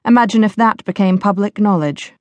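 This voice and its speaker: A woman's voice: medium pitch, a little fast, no echo, close to an everyday voice. A woman reading the part of a scheming older English lord who speaks affably but gives orders in a cold, businesslike way.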